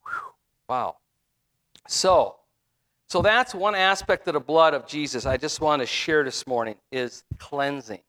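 A man's voice: a little high, wildly swooping pitch, a little slow, a bit bright. A middle-aged man giving a conversational sermon as a minister, with frequent fillers and restarts.

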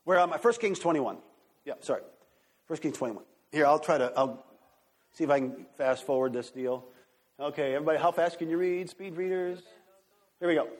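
A preacher man delivering a sermon with lots of energy, his voice sitting fairly high for a man. The tone is husky and a little rough, and he keeps breaking off to check in with the congregation. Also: fairly quick, pauses often. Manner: excited, animated preaching with congregation asides. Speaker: pastor.

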